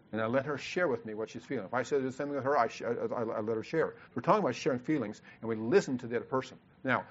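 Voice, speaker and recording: A man teaches a marriage seminar at a brisk clip, earnest and full of stammered restarts. His voice sits at a middling pitch. The recording is dull and lo-fi.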